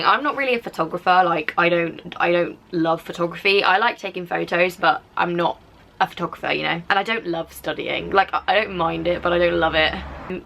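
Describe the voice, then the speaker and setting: Teen female YouTuber, English, softened Black Country accent, casual and filler-heavy, bright tone. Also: on the low side, vocal fry. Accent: softened English, drifting toward Black Country. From Black Country, England. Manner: chatty, rambling, frequent "like" fillers. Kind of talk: casual reaction chat to camera.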